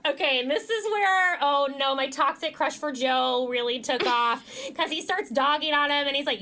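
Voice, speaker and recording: A young woman co-hosts a casual recap chat in a bright, slightly high voice. She tells stories with energy and acts out what people said, swearing freely. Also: moderate pace, few pauses, slight background noise. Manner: animated storytelling, quoting people with voices, swears. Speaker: podcast co-host.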